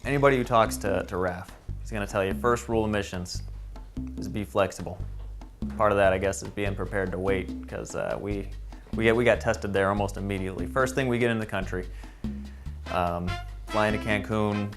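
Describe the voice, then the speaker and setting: A man, the show's producer, recalling a trip in a casual, halting way with many restarts. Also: on the low side, fairly even intonation, music in the background. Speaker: producer and co-host. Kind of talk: casual recollection.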